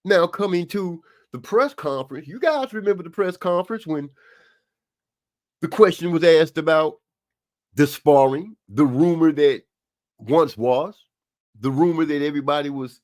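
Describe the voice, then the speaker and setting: A man's voice: fairly high pitch, moderate pace, a little mellow. A man hosting a live stream, giving rambling, casual boxing commentary with lots of asides.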